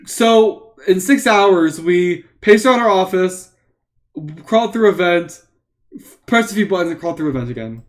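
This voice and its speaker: Higher-pitched man reading a story aloud. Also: expressive, normal speed. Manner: playful, joking asides. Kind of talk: live reading of an interactive book.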